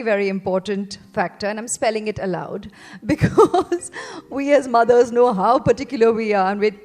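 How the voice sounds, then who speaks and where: A woman in her forties from India, a parent giving a heartfelt testimonial speech to a seated audience, earnest and gentle, with many fillers and repeated phrases. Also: medium pitch. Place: event venue before a seated audience.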